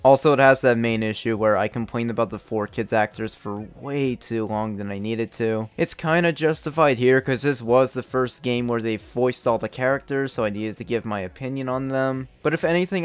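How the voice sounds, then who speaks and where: A man's voice: mid-range voice, normal speed, few pauses, clear, resonant tone. A young man reviewing his own old video game reviews in a candid, self-critical, casual way, swearing often. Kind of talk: casual retrospective commentary.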